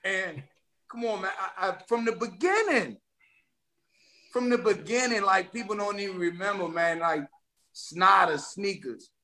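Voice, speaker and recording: D.C.-male rapper guest, bright and forceful, animated storyteller. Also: high-pitched, unhurried. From Washington, D.C. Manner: animated, streetwise storytelling with slang. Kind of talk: casual podcast interview.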